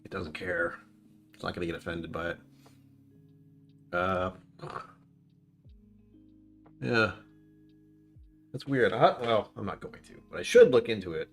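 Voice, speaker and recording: A man's voice: deep voice, moderate pace, pauses often, soft background music. A man casually chatting on a live stream while reviewing a whiskey, rambling and reacting to his chat.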